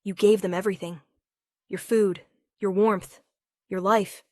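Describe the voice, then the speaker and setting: A woman voicing a powerful, scarred wolf king who speaks in a hushed, broken, emotional way. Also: mid-range voice, steady tone, measured pace, no echo, clean studio sound, lightly acted. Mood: grieving. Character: powerful scarred male wolf king, grieving yet tender.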